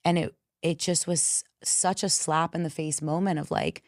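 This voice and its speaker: A woman's voice: low voice, moderate pace, no echo, studio quality. A woman guest on a podcast talking as a coach, a frank, swearing storyteller in casual conversation. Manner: frank, profane, animated storyteller.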